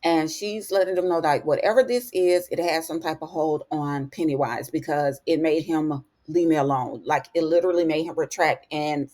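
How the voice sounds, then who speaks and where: A woman giving a chatty, animated episode recap in casual talk, dropping in words like honey and baby. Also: deep voice, moderate pace, hardly any pauses. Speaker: TV recap vlogger.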